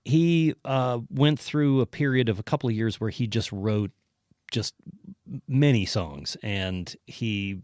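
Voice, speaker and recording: A man's voice: medium pitch, unhurried, no echo, studio quality. A man guesting on a casual podcast, joking around and talking about songwriting. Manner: joking, animated, self-deprecating. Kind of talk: casual chat.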